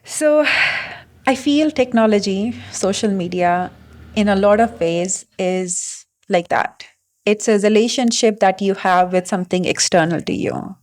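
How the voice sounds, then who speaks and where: A young adult woman talking through her thoughts in a reflective vlog monologue, halting and full of fillers and restarts. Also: medium pitch, a little mellow. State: briefly emotional. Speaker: vlogger.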